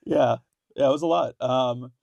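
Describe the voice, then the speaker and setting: A young man from India, a podcast guest telling his story in halting casual talk, full of fillers, restarts and swearing. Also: medium pitch, vocal fry, a little mellow, no echo, muffled recording.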